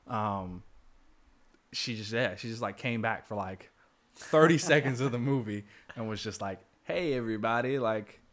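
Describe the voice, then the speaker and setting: A podcast host with a fairly low, fairly bright voice speaks at a measured pace. He casually retells a movie scene by scene, rambling with plenty of fillers and acting out quoted lines.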